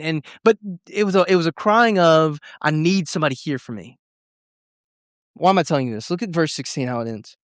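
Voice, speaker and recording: Young male youth pastor, earnest and emotional sermon, fairly high voice, dry sound. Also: a bit bright, no room sound. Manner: earnest, emotional storytelling with many restarts.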